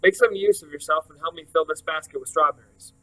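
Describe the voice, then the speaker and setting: A man reading aloud, voicing a chatty, bossy little old countrywoman who talks briskly and scolds. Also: on the high side, bright, forceful tone, recorded from a distance, rough recording.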